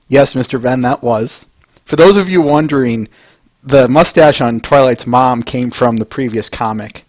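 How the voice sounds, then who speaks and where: A man's voice: mid-range voice, moderate pace, no echo. A man hosting a comic reading who talks casually to his viewers and often laughs. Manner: chuckles often, chatty asides to viewers. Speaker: host reading comics aloud. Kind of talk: casual chat.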